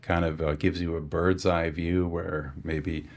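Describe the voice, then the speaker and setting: A man, a sonar engineer guest on a podcast, giving a technical explanation and often pausing with fillers and restarts. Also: deep voice, level tone.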